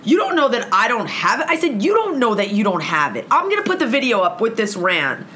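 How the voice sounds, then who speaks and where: A woman with a high, bright, forward voice recounts a confrontation in casual conversation. She swears constantly and acts out both sides of the argument with great energy. Faint background noise sits under her voice. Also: very animated, a little fast. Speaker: guest telling a story. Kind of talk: heated storytelling in casual chat.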